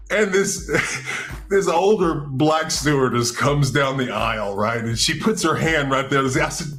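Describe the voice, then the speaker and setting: A male podcast host telling a story casually, in an animated way, acting out what people said. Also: a little slow, soft background music. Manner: animated, acts out quotes with big pitch jumps.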